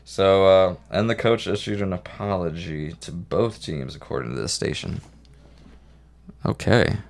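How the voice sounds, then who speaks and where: Low-voiced man reading news jokingly. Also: gravelly. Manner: joking, profane, reads news aloud haltingly. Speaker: podcast co-host. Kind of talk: casual podcast chat.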